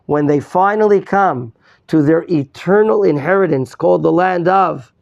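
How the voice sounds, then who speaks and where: A man's voice: fairly high pitch, normal speed, creaky, a little mellow, muffled recording. A male rabbi teaching a Torah class, quizzing his students, repeating his questions and mixing in Hebrew terms. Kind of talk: interactive Torah lesson.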